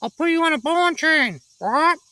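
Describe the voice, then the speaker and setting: A man voicing a rude, bossy male parrot with a shrill squawk in a read-aloud picture book. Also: lively intonation, moderate pace, bright, forceful tone, no room sound, full character voice. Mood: screeching.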